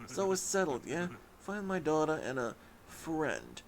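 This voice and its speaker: A man's voice: a little high, wildly swooping pitch, measured pace, creaky, heavily acted. Mob boss, male, mock New York gangster accent, drawling and menacing, as a man puts him on, faint noise. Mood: smug. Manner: drawling tough-guy threats.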